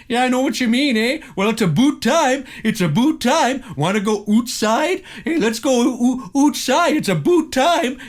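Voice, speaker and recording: A dim, cheerful caricature of a Canadian man, as a man puts him on, pitched well above a normal speaking voice and loud. He tacks a goofy "eh" onto the end of every line. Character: dopey exaggerated stereotype Canadian man.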